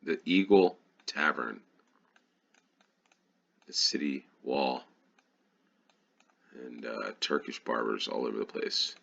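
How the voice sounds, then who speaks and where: A man's voice: extremely low pitch, animated, slow pace, gravelly, pauses often, a bit bright, highs cut off. A man from New York with a Western New York accent, thinking aloud while playing a geography guessing game, hesitant and full of ums. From New York, USA. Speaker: GeoGuessr channel host. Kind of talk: casual gameplay commentary.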